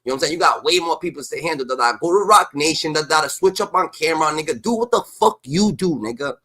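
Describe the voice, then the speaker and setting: A man's voice: fairly high pitch, expressive, fast, sharp tone. A man delivering a heated, profane rant as commentary, repeating a filler tag between phrases.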